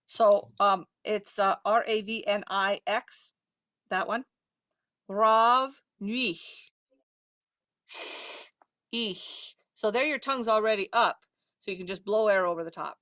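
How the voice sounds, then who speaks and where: A woman's voice: mid-range voice, fairly bright tone, dry recording. A woman choir director leading a pronunciation lesson over a video call, reading lyrics syllable by syllable. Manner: slow, careful syllable-by-syllable reading.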